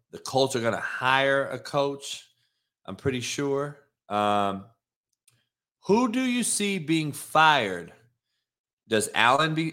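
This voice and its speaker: A man's voice: mid-range voice, a bit bright. A man hosting a casual sports talk stream, swearing freely and talking straight to his viewers in a fired-up rant. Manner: profane, fired-up, talks straight to the chat. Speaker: sports talk show host.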